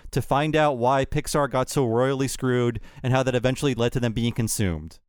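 A man's voice: medium pitch, normal speed, clear, resonant tone, no room sound. A man co-hosting a podcast, recounting studio history in a casual, conversational way. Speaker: podcast co-host. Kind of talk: casual chat.

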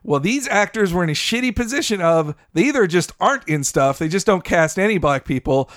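A man co-hosting a podcast in a casual discussion of a film, animated and swearing freely. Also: sits high, a little fast, no echo, studio quality. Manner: animated, swears freely, acts out quoted voices. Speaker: podcast co-host.

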